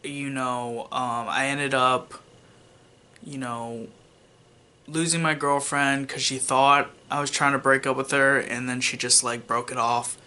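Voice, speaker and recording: A man's voice: mid-range voice, fairly even intonation, unhurried, pushed and bright, clear, resonant tone. A young man telling a personal story on his vlog in a casual, rambling way, full of fillers and restarts, with wry self-mocking asides. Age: young adult. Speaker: vlogger.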